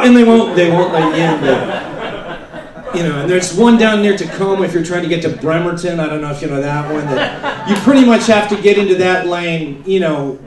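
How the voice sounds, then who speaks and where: Brief: male stand-up comic, loose rambling storyteller who bursts into shouted bits, echoey live-venue sound. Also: a little high. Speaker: stand-up comedian. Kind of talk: stand-up comedy set. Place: comedy stage before a laughing audience. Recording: roomy live venue, mic heard from a distance.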